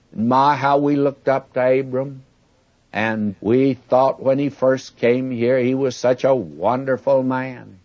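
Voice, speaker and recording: A man's voice: medium pitch, a little mellow. Folksy preacher man, muffled recording. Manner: folksy, conversational Bible teaching with asides. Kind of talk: sermon.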